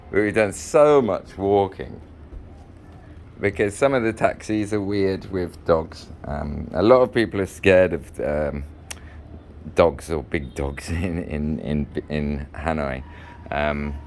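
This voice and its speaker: A man's voice: deep voice, slight background noise. A man from England, telling a meandering travel story with lots of ums and restarts. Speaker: vlogger and fairy maker. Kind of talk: rambling travel anecdote. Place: small hotel room.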